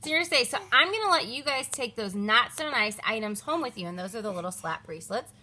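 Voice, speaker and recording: Brief: woman in her 30s, bright, slightly high voice, chatty children's ministry leader explaining a lesson at home, faint background noise. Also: animated, fast. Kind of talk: recorded lesson walkthrough.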